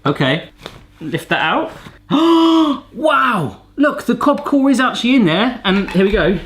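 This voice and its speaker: Man, jokey vlog host, lively swooping voice, slightly high, home kitchen. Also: a little slow. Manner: jokey, pun-loving, chatty. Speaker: cooking channel host. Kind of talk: casual gadget-testing vlog.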